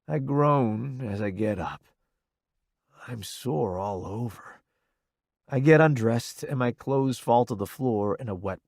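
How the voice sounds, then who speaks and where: A man narrating a first-person romance audiobook in an expressive, intimate way. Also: on the low side, creaky, dry recording, studio quality.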